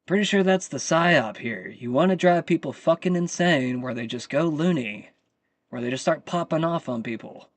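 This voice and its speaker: A man's voice: fairly high pitch, moderate pace, no room sound. A man hosting his own channel, venting about the news in a heated, profane rant. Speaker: channel host. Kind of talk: live commentary rant.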